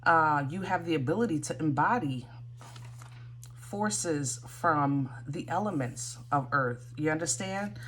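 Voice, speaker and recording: A woman's voice: deep voice, lively intonation, measured pace, fairly bright tone. A woman giving a casual tarot reading, thinking aloud with many fillers and restarts. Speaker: tarot reader.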